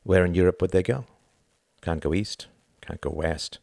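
A sorrowful ambassador speaks quietly and gravely, as a man reading the book puts him on. His voice is very deep and gravelly, and the sound is dry and close. The pace is measured and reflective. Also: dry recording. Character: older male British ambassador, sorrowful, reflective.

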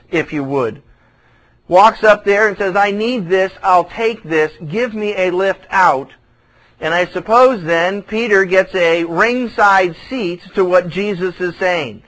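High-voiced man preaching conversationally. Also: fairly bright tone, rough recording. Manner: conversational, retells scripture in everyday speech. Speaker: pastor. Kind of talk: verse-by-verse Bible teaching sermon.

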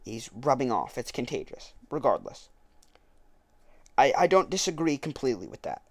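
A man's voice: mid-range voice, very animated, fairly quick, no room sound. A man commenting on a political speech, arguing point by point and correcting his own slips. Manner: argumentative, self-correcting. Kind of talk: reading a speech aloud and commenting on it.

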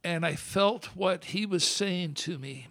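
A man's voice: high voice, slow pace, fairly bright tone, no echo. A man as a podcast guest, telling his own story in an earnest, heartfelt way.

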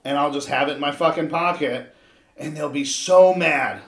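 A blunt American man who swears freely as he vents in casual chat. His voice sits a little high for a man, and the echoey room gives it a roomy ring. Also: normal speed. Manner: blunt, swears constantly, acts out shop exchanges.

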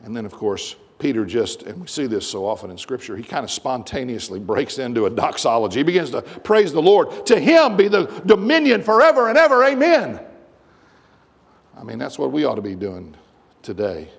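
A man's voice: on the low side, lively intonation, fairly quick, vocal fry, a little mellow, slightly rough, in a large hall. A man preaching a sermon as pastor, emphatic and full of rhetorical questions. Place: church sanctuary.

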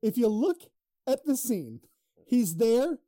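A man's voice: very high voice, very animated, slow pace, dark tone, no echo. A man co-hosting a podcast in casual, profane banter, arguing and laughing, close on the mic. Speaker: podcast co-host.

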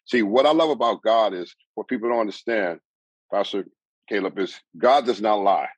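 A man's voice: on the low side, normal speed, slightly rough, no room sound, low-quality recording. A man giving a personal faith testimony as an interview guest, telling his story earnestly, with repeats and restarts.

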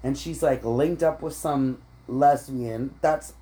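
A woman co-hosting a podcast, chatting casually in a brash, profane way with loud laughs. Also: rumbling low, slow. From Canada. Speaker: podcast co-host. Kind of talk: casual chat.

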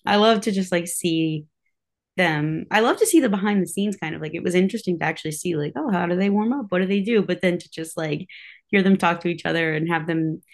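A woman's voice: lowish voice, a little fast. A woman chatting casually as a podcast guest, talking freely with plenty of "like" and "um". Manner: chatty, filler-heavy with frequent "like" and "um". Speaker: cheerleader for a pro basketball team.

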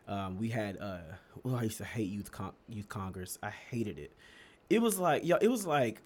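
A young man from Texas telling stories in a casual chat, animated and laughing often, his pitch leaping up for emphasis. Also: moderate pace, a little hiss or hum. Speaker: podcast co-host.

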